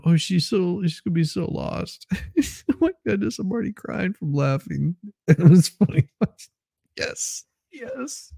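A man co-hosts a casual live stream, reading viewer comments aloud while laughing constantly, giggly and amused. His voice is high-pitched, gravelly, and mellow, a little slow, captured in a dry, clean studio recording.

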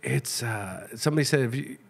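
A man hosting a casual podcast, with a voice of ordinary middle pitch. He teases his guest with quick joking remarks and cuts in often. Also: animated. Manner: teasing, joking interjections, reads news aloud. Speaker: podcast host.

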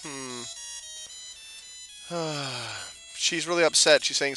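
A let's play commentator talks casually over gameplay, cracking jokes, swearing, and talking back to the game's characters. His voice is a little high, expressive, pushed and bright, at a normal speed. Soft background music plays, and the recording quality is low.

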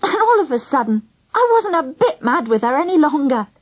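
A woman narrating a children's storybook in the first person, lively and expressive. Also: sits high, a little fast, highs cut off. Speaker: audiobook narrator.

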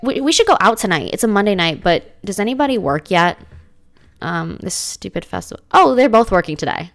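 A woman's voice: mid-range voice, expressive, a little fast, fairly bright tone, no echo, clean studio sound. A woman giving casual, dramatic commentary as she plays a life-sim game, full of slangy exclamations. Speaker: gaming let's-play host.

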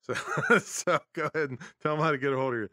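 Bright-voiced man hosting a podcast. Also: fairly high pitch, quick pace, no echo, studio quality. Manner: friendly, laughs easily. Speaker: podcast host. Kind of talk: casual interview chat.

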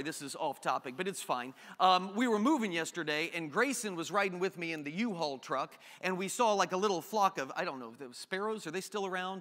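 A man preaches a sermon in a church sanctuary, his voice high and bright. He reads scripture, then breaks into animated, joking asides. A long reverb hangs on every line. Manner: animated, jokey asides, shifts between reading scripture and quick chatter. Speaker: pastor.

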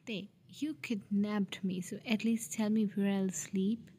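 A woman's voice: medium pitch, fairly even intonation, measured pace, mellow, husky. A woman voicing a sassy, defiant young man held captive in a fan audio drama.

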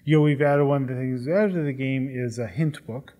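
A man answering interview questions about designing games, in a relaxed, rambling way with self-deprecating asides. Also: medium pitch, fairly quick. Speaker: game designer.

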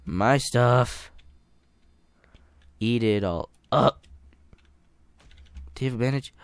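A man's voice: medium pitch, expressive, a little slow, long pauses, clear, resonant tone, no echo. A man giving gameplay commentary, panicking, pleading and swearing, laughing at himself. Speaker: gamer.

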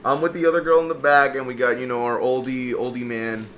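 A man's voice: mid-range voice, flat delivery, fast talker, fairly bright tone, a little hiss or hum. A young man co-hosting a podcast, telling a profane story in casual chat and acting out the people in it. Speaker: podcast co-host.

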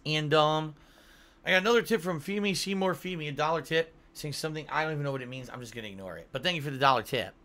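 A man's voice: a little high, fast, pushed and bright. A man livestreaming from home, rambling casually, swearing now and then, and yawning between thoughts. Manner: rambling, swears casually, reads donor messages aloud. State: yawning, tired. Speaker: streamer.

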